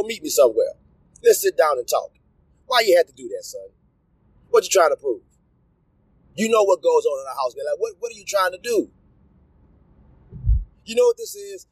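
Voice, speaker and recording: A middle-aged man in a casual, animated, profane rant, speaking to his audience and breaking into loud outbursts. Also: high voice, husky, dry recording, low-quality recording. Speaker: commentator.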